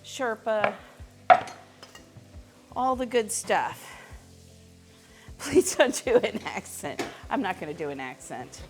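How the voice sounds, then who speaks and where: Over music, a middle-aged Missouri woman chats through a live cooking stream in her own kitchen, rambling with lots of fillers. Her mid-range voice swings widely in pitch, and she talks slowly with frequent pauses.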